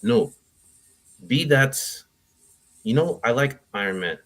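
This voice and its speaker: A young man, a guest on a talk show, giving advice to parents in a halting, rambling way, with many restarts. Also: medium pitch, expressive, fairly bright tone. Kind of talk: casual chat, giving advice.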